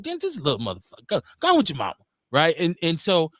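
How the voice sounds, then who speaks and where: A middle-aged man hosts a live radio talk show, his fairly high voice swooping up and down as he tells stories and acts out quotes. The sound is dry and close. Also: fast, dry recording. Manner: animated storytelling, acts out quotes.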